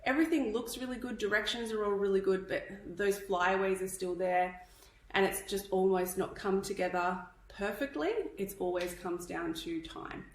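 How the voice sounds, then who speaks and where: A woman's voice: mid-range voice, fairly even intonation, normal speed, few pauses, echoey room, poor audio. A woman from Australia teaching hairstyling in a live tutorial, chatty and instructive, a little out of breath. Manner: chatty, instructive, checks in with "okay?". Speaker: hairdressing educator.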